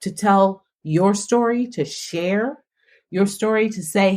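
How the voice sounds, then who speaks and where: A woman hosting a faith podcast, talking in an animated, preacher-like way with plenty of affirmations. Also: medium pitch, measured pace. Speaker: host.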